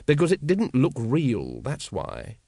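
Man voicing a weary watch captain, flat wooden replies, dogged, audiobook character. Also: mid-range voice, slow, creaky, breathy edge, dry recording, clean studio sound, heavily acted. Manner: flat, wooden official replies, then musing.

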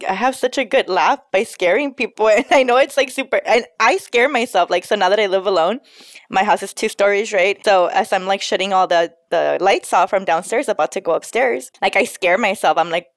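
A woman co-hosting a casual chat, lively and laughing often, with Spanish mixed into her English. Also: medium pitch, brisk, no room sound, studio quality. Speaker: podcast co-host.

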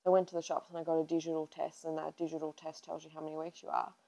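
A woman in her twenties chats casually on a podcast, her voice sitting a little low. She tells a personal story in a chatty way and acts out what she said back then. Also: monotone, very fast, dark tone, low-quality recording. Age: 20s. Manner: chatty storytelling, acting out her own past lines. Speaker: podcast co-host. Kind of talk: casual chat.

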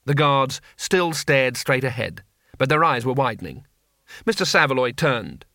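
Male narrator for a comic fantasy audiobook, expressive, bright, close dry read. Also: mid-range voice, measured pace, no echo. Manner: expressive, animated storytelling. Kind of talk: scripted narration.

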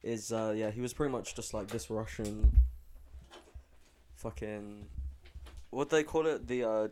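A man's voice: lowish voice, fairly even intonation, measured pace, a little mellow, slight background noise. A young man co-hosting a casual podcast, laid-back and crude, swearing freely. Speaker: podcast co-host. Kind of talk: casual joking podcast chat.

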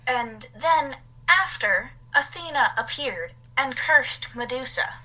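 Woman, podcast co-host, bright voice, casual storytelling, rambling asides, reads from notes. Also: high-pitched, animated, slow, low-quality recording.

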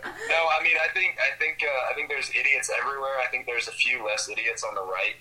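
A man's voice: mid-range voice, fast, sharp tone, low-quality recording. A young man chatting casually as a podcast guest, rambling and hesitant, with a laid-back way of talking. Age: young adult. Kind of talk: casual chat.

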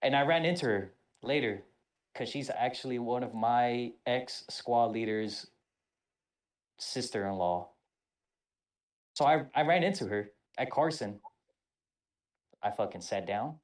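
A man hosting a casual podcast chat, an army veteran telling stories in a profane, animated way. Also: mid-range voice, a little slow, long pauses. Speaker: podcast host.

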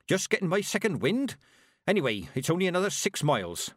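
A man's voice: mid-range voice, sing-song, moderate pace, a bit bright, no room sound, clean studio sound, pitched above the performer's own voice. A man voicing a proud, stern old witch who speaks curtly and with command. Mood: brusque. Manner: curt, commanding.

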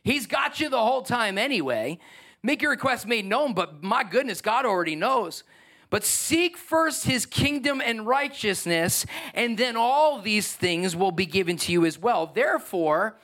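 High-voiced, animated man preaching a sermon. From New York. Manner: animated, emphatic, asks the congregation questions. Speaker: pastor.

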